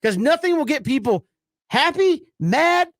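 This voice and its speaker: A man co-hosting sports talk radio, speaking in a high, bright register. He keeps up a chatty flow with playful jokes between points. The studio sound is dry and close. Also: big pitch swings, unhurried, no room sound.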